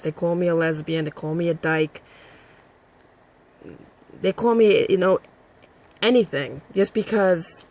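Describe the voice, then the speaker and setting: A woman's voice: on the low side, gravelly. A woman ranting bluntly and heatedly to camera in a video monologue, swearing freely and often restarting her words. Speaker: channel owner.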